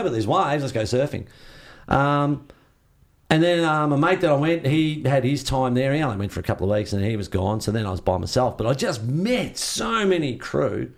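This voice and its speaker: A man's voice: mid-range voice, big pitch swings, moderate pace, gravelly. An older Australian man telling rambling surf-trip stories in casual chat, swearing freely and acting out the dialogue himself. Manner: rambling, laid-back, swears freely, acts out quoted dialogue. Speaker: interviewee, surfer. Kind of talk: casual storytelling.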